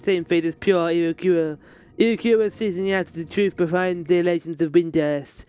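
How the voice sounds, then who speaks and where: A man's voice: high voice, a little mellow, clear, resonant tone, dry recording, natural voice. A man voicing a small Tarutaru scholar from a game with a put-on French accent, reading the dialogue aloud.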